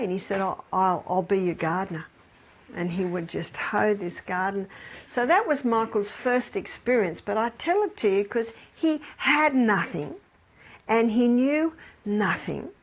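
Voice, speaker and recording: Gravelly Australian woman telling stories. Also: medium pitch. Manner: chatty, laughs between anecdotes. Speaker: health educator. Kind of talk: storytelling lecture.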